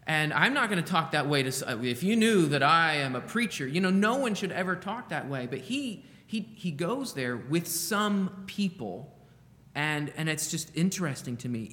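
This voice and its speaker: A man's voice: fairly high pitch, very animated, normal speed, pushed and bright, long reverb tail. A man preaching in a conversational style, musing aloud with asides and rhetorical questions. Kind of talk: conversational Bible teaching.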